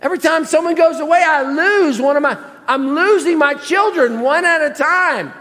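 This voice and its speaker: A man's voice: extremely high pitch, moderate pace, fairly bright tone, voice pushed up. An older patriarch, anguished and self-pitying, as a preacher acts him out. He protests in a raised, strained voice that rings through a reverberant hall. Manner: exasperated, protesting.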